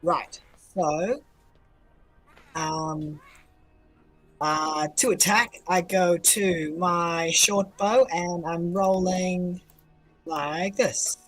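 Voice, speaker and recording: Tabletop player, man, slow easy pace, hesitant, faint music behind. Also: high-pitched, poor audio. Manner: relaxed, unhurried, hesitant fillers. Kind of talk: casual game chat.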